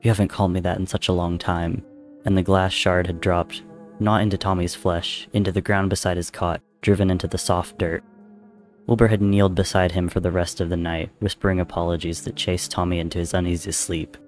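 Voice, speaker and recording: A man reading a fan-written story aloud, narrating in a steady, measured way. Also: deep voice, soft background music.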